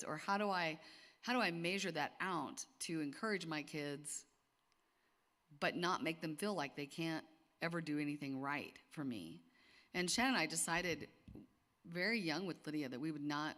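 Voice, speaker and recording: A woman's voice: fairly low pitch, a bit bright. A middle-aged woman talking casually to a group of women, chatty, with lots of restarts and asides. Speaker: speaker at a women's gathering. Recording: long hall reverb.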